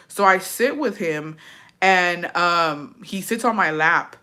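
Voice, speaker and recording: With a fairly low, clean, sharp-toned voice, a young vlogger unhurriedly tells a personal story. She's casual and profane, swearing often, and her emotions show, tipping into tears at times.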